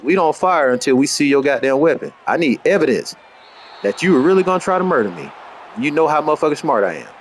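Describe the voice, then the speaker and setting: A man riffs over a football video game in boastful, profane trash talk. His voice sits high and swings widely between low mutters and sudden yelps. A faint hum of background noise sits under him. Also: sing-song, quick pace. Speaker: gamer streaming gameplay. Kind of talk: profane rambling commentary over gameplay.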